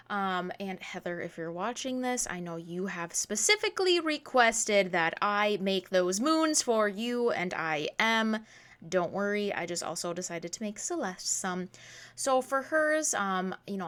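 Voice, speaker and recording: A bubbly young woman in her twenties chats through her crafting vlog as a voice-over. Her voice sits at a middle pitch and leaps up and down a lot as she gushes. She keeps laughing at herself. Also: a bit bright. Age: 20s. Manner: bubbly, gushing, self-deprecating, says "literally" and "oh my god" a lot. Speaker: crafting vlogger. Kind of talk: casual voice-over vlog narration.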